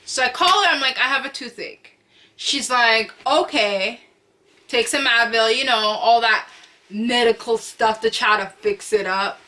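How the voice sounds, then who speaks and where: Young woman vlogger, bright voice, lively slangy storytime delivery, home camera setup. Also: fairly high pitch, a little slow. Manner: animated, chatty, slangy, repeats phrases for emphasis; acts out quotes with loud cries. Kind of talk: storytime vlog.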